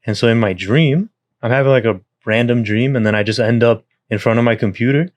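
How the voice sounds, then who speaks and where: A young man co-hosting a podcast, telling stories in casual chat, animated, with frequent swearing and laughter. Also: medium pitch, brisk. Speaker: podcast co-host.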